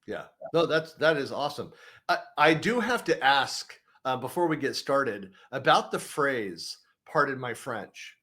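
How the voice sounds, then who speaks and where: A man's voice: mid-range voice, sing-song, a little slow, bright, forceful tone. A man hosting an interview over a video call, chatty and upbeat with lots of casual fillers. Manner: chatty, upbeat, many fillers like "you know". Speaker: interview host.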